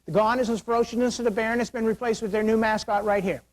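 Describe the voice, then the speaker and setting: Speaking quickly in a high, steady-toned voice, a middle-aged man delivers a security briefing to an auditorium full of jokes and rhetorical questions. His voice is giving out, and the audio is poor.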